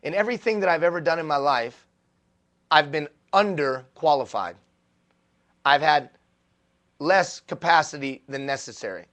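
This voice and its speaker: A male motivational speaker giving a live keynote talk, animated and self-deprecating, repeating phrases for emphasis. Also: on the high side, moderate pace, pauses often. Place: stage before a live audience.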